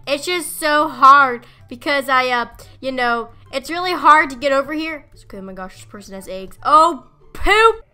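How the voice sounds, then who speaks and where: A woman giving casual gameplay commentary, excitable and giggly, breaking into squealing shouts when chased. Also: high-pitched, normal speed, hardly any pauses, soft background music. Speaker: gaming channel host.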